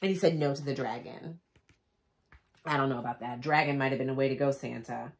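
A woman vlogger with a rumbling low voice reads a picture book aloud at a brisk pace. She's animated, adding chatty, joking asides and laughing at her own jokes.

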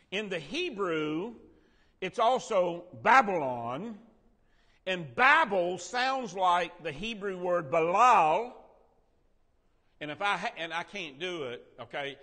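A man teaching a Bible lesson to a Sunday school class in a church room, quizzing the class and joking as he goes. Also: fairly high pitch. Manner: animated, quizzes and jokes with the class. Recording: reverberant room.

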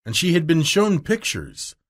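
Slow, husky male storybook reader. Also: a little high. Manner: slow, clear, expressive. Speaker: narrator. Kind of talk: storybook reading for learners.

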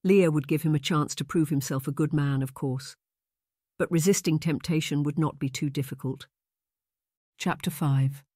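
A man reading a historical romance audiobook aloud in a calm, even storytelling manner. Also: fairly high pitch, moderate pace, dry recording, studio quality. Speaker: audiobook narrator. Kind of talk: audiobook narration.

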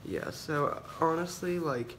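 A young vlogger, unwell and awaiting kidney surgery, complains into his phone from a hospital room in a casual, dramatic rant full of swearing and fillers. His voice sits on the high side and a bit bright, he takes it slowly, and a little hiss or hum is audible.

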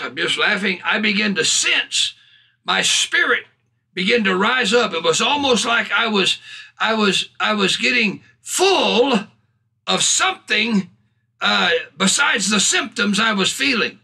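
A man preaching a sermon in a high, bright voice with a gravelly, husky edge. He is fervent and exclaims praise between his points. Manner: fervent, punctuated with hallelujahs and bursts of laughter.

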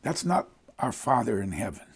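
A man's voice: on the low side, very animated, moderate pace, vocal fry, husky. A middle-aged man preaching a sermon as a pastor, speaking in an earnest, emphatic way.

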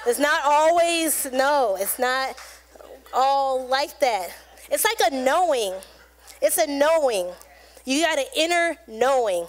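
A woman pastor delivers an earnest, chatty sermon to her congregation. Her voice sits high, and she talks it through like a friend, voicing short prayers and everyday conversations as she goes. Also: animated, slow. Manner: conversational, earnest, acts out little quoted prayers and chats. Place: church sanctuary.

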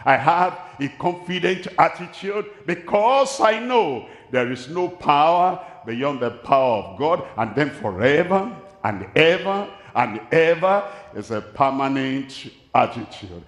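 A man with a Nigerian accent preaching a sermon at a large crusade, speaking slowly and deliberately, repeating his key phrases. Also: on the high side, lively intonation. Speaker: pastor. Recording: echoey hall, voice from a distance.

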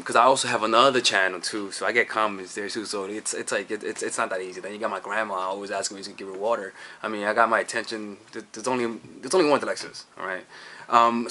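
Rambling man, bright voice. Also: on the low side. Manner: rambling, restarts often, frequent "all right?" and "you see". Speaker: dating coach. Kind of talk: casual advice monologue.

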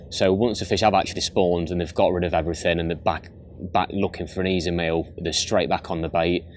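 A young man, a carp angler, calmly explaining his bait and fishing methods step by step, outdoors by a lake. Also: low-pitched, a little hiss or hum. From England. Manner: matter-of-fact, explains step by step. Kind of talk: casual instructional talk. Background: background music.

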